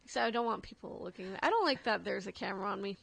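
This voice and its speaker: A woman's voice: mid-range voice, expressive, rapid-fire, gravelly, a bit bright, no echo. A woman radio host chatting casually on air in a wry, chatty way. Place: radio studio.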